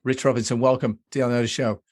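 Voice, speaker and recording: A man's voice: mid-range voice, little pitch movement, racing, darkish tone, no echo, clean studio sound. A man hosting a podcast, introducing his guest with effusive praise in a casual interview. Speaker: podcast host.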